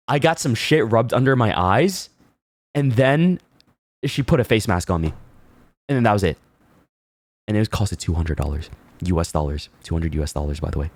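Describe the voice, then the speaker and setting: A male streamer telling a story in loose, casual chat. He swings his voice up and down, laughs easily and swears freely, with plenty of fillers along the way. The sound is dry and close, with no room echo. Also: on the low side.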